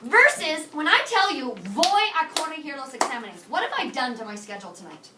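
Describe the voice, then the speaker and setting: Energetic woman teacher, high and bright, playful classroom drill, echoey room, mic far off. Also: fairly quick, very noisy. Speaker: high school Spanish teacher.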